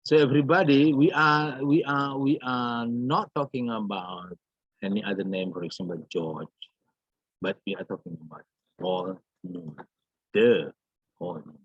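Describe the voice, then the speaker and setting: A man teaching an English grammar lesson, slow and repetitive, often calling out "everybody" and "yeah". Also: medium pitch, steady tone, slightly rough, no echo. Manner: slow, repeats phrases, calls out "everybody" and "yeah". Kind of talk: recorded online grammar lesson. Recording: dull lo-fi recording.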